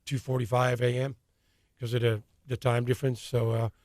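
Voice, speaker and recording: An Irish man, a soccer coach, talking relaxed and matter-of-fact as a guest in a radio studio. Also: medium pitch, moderate pace, no room sound. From Ireland. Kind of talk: casual radio interview.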